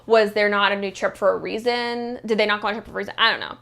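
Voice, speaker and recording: A woman's voice: medium pitch, steady tone, quick pace, gravelly, a bit bright. A woman vlogger giving a blunt, profane, sassy recap of a reality show, peppered with "like". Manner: blunt and profane, heavy use of "like"; sassy, mocking commentary. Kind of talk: casual reality-show review monologue.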